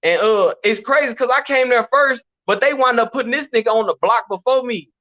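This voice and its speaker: Man, high pitch, bright voice, slangy animated storytelling, muffled lo-fi sound. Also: a little fast. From Texas, USA. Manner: animated, slangy, repeats "you know what I'm saying". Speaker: guest telling prison stories. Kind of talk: casual storytelling interview.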